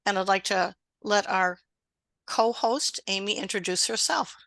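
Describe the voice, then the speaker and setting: This middle-aged woman hosts an online exam-prep session with a bright, ringing voice. She sounds close and dry on a video call, chatting and encouraging her listeners. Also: medium pitch, measured pace, vocal fry, no room sound. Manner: warm, encouraging, conversational. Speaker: webinar host and exam prep instructor. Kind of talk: live online webinar.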